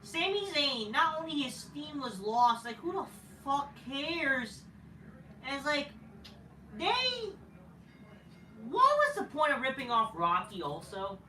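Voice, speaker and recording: A man tears through a wrestling review in a loose, profane rant, sounding exasperated as he rambles along. His voice is bright and sharp, heard from some distance off a camera mic. The room gives it a strong echo, and a faint hiss sits underneath. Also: extremely high pitch, sing-song, slow pace. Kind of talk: casual ranting review.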